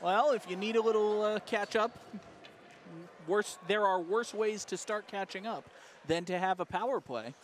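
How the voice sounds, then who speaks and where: A young man adds color commentary to a local hockey broadcast. His voice is quite high, and he mixes dry jokes with analysis of the plays over faint arena ambience. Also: moderate pace, a little hiss or hum. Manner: wry, joking asides.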